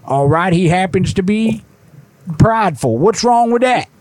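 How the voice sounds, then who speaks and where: Cranky, profane old grandpa at a bingo hall, played by a man, raised pitch, close and dry. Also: animated, a little slow, a little mellow. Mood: irate grumbling. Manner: ranting, profane, rough slang grammar. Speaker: prank caller.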